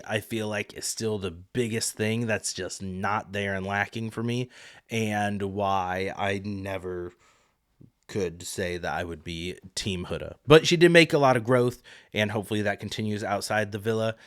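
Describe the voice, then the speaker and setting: A man's voice: on the low side, no room sound, studio quality. A man hosting a podcast, giving a casual, opinionated solo recap of a reality show and swearing freely. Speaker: podcast host.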